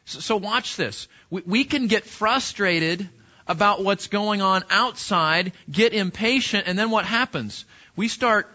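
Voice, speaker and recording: A man's voice: high voice, unhurried, pushed and bright, dull audio. A man preaching a sermon as pastor, talking to the congregation in a conversational way and asking rhetorical questions.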